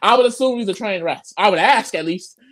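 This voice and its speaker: Blunt, expressive woman co-host. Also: medium pitch, a little fast. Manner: blunt, opinionated, emphatic. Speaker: podcast co-host. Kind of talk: casual recap chat.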